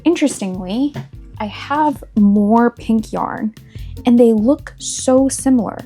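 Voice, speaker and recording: Mellow-voiced woman chatting about crafting. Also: a little high, expressive, slow pace, breathy edge, soft background music. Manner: chatty, earnest, talks through her crafting steps. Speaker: crochet vlogger. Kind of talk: casual vlog voice-over.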